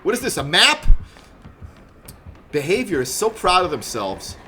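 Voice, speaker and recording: A man's voice: high voice, huge pitch swings, a little slow, pushed and bright, a little hiss or hum. A man streaming a video game live, chatting casually with viewers from a room at home and yelping and laughing at sudden moments in play. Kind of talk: casual gameplay chat.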